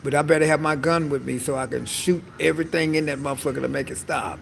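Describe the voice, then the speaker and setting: A man giving a casual comedic monologue as a vlogger, animated and sassy, swearing freely and calling his viewers honey. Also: a little high, fast, creaky, soft background music, poor audio.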